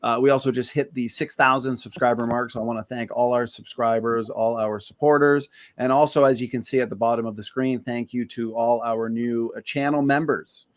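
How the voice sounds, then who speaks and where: A man's voice: medium pitch, fairly even intonation, brisk, hardly any pauses, no room sound, studio quality. A Canadian man hosting a livestream talk show, upbeat and thankful, laughing easily. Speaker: host.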